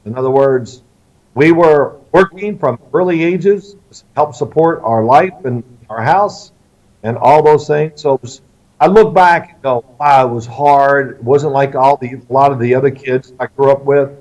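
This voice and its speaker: A middle-aged man from Kentucky, an interview guest telling lively family stories and acting out the lines of the people in them. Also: medium pitch, normal speed. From Louisville, Kentucky, US. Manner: animated storyteller who acts out quoted lines. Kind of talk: storytelling interview. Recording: slightly distant, dull lo-fi sound.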